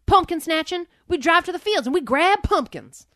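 A woman's voice: extremely high pitch, expressive, moderate pace, fairly bright tone, no echo, studio quality, pitched above the performer's own voice. A woman putting on a drawling Southern college guy. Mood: eager, casual. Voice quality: thick drawl. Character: young male Southern college guy, easygoing.

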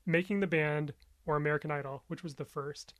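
A man hosting a casual trivia game among friends, reading multiple-choice questions and making quick asides. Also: fairly high pitch, fairly even intonation, fairly bright tone, no room sound, studio quality. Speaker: quiz host. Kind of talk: casual podcast chat.

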